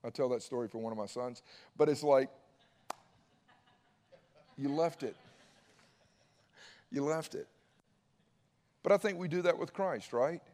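Animated preaching man, hall reverb. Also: mid-range voice, unhurried, long pauses. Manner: energetic, conversational preaching with folksy asides. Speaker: pastor. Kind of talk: sermon.

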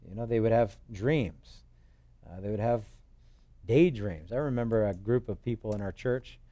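A man's voice: lowish voice, moderate pace, dark tone, no room sound. A man preaching a sermon as pastor, telling stories in a loose conversational way with joking asides. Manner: acts out quoted voices. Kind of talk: expository sermon.

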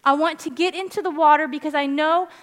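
A woman preaching a sermon in a church, telling a personal story with animated, excited peaks. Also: high-pitched, brisk. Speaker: pastor. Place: church sanctuary. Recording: long hall reverb.

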